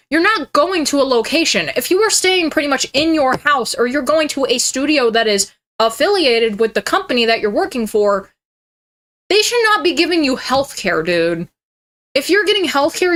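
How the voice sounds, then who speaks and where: A woman in her twenties rants through a profane, mocking reaction commentary. Her voice sits a bit high and sounds bright and sharp. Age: 20s. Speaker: streamer.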